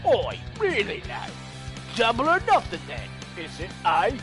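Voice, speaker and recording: A swaggering male bully with a made-up cockney accent barks and jeers at full volume. His voice sits high and punchy. Game music plays underneath. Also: wildly swooping pitch, measured pace, full character voice. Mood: gloating. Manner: jeering, bellowing. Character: brash loudmouthed male rival team leader.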